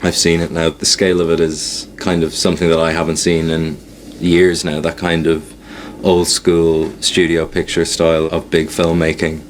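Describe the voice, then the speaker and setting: Deep-voiced Irish man in interview. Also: completely flat delivery, slight background noise. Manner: measured, thoughtful, fillers like kind of. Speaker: actor in interview. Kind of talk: interview clip.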